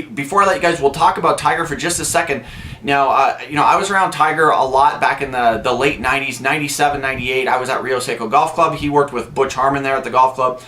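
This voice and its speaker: A man's voice: medium pitch, bright, forceful tone. Chatty man telling golf stories to camera. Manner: chatty storytelling, frequent restarts. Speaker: golf instructor vlogger. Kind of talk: casual direct-to-camera talk.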